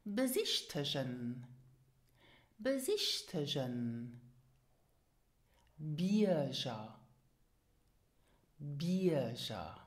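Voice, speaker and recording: A woman teaching a pronunciation lesson, saying each word slowly and then repeating it for learners. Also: low-pitched, darkish tone. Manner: patient, models words twice for repetition. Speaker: language teacher.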